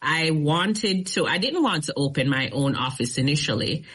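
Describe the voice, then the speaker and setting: Low-voiced woman telling her story. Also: moderate pace, breathy edge, poor audio. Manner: storytelling, animated retelling with rising emphasis. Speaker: attorney, guest. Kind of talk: casual interview chat.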